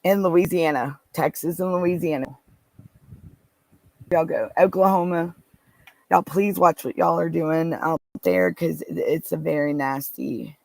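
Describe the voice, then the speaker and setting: A man's voice: fairly high pitch, animated, unhurried, vocal fry, darkish tone, no room sound. A man hosting a casual livestream from his car, rambling and answering viewer comments with many restarts. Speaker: livestream host. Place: parked car.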